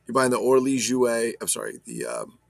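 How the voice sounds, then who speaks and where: A man's voice: medium pitch, very animated, moderate pace, gravelly, a little hiss or hum. A man casually chatting about his toy collection, rambling and swearing as he talks to viewers. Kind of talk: casual unboxing chat.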